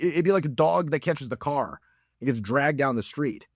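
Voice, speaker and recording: A man's voice: on the high side, expressive, brisk, dry recording, clean studio sound. A man giving blunt, profane dating advice as a coach. He talks in a mocking way and acts out examples in put-on voices.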